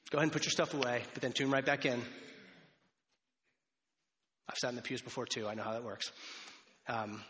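A male pastor delivers a relaxed, conversational sermon, wandering through asides and restarting his sentences. His voice is bright and forceful, with a long reverb trailing off the church walls. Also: mid-range voice, brisk. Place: church sanctuary.

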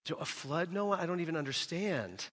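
A man's voice: fairly high pitch, lively intonation, normal speed, fairly bright tone, pitched above the performer's own voice. A man voicing a worried, bewildered woman, the wife of Noah, who asks one disbelieving question after another.

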